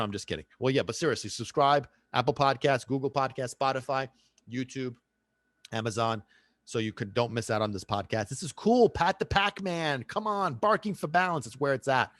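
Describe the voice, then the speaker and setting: Animated American man hosting a podcast. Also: mid-range voice, normal speed, no room sound, clean studio sound. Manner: animated, playful, drops into Italian phrases. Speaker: podcast host. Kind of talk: casual solo podcast rant.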